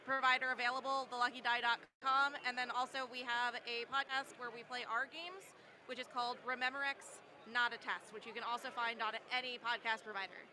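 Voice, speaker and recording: A woman who grew up in the US Midwest, a podcast co-host briskly chipping in at a convention. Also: a little high, steady tone, sharp tone, slight background noise. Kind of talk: casual convention plug.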